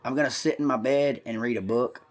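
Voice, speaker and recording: A man's voice: medium pitch, steady tone, brisk. Profane rambling man telling stories. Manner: rambling, profane, acts out voices in his stories. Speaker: podcast co-host. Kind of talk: crude comedic storytelling.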